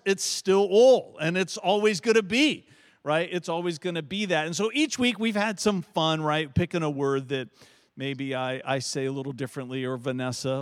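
A middle-aged man from Virginia with a Southern accent, preaching a folksy storytelling sermon as pastor, restarting and repeating words as he goes. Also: fairly high pitch. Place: church sanctuary. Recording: long reverb of a large church hall.

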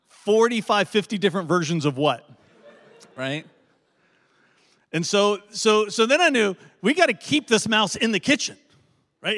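A middle-aged male pastor telling a story in a sermon, animated and conversational, often asking his audience "right?". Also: fairly high pitch, normal speed. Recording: long hall reverb.

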